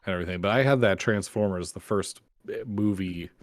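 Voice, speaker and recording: A man's voice: lowish voice, brisk, dry recording, clean studio sound. A young adult man co-hosting a podcast in casual chat, easygoing and joking, often laughing. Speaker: podcast co-host.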